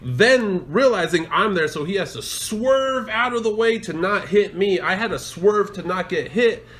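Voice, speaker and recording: Cursing podcast co-host, fairly high voice, storyteller who shouts his quotes. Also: expressive, measured pace. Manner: profane, loud, acts out shouting in quotes. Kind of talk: casual storytelling chat.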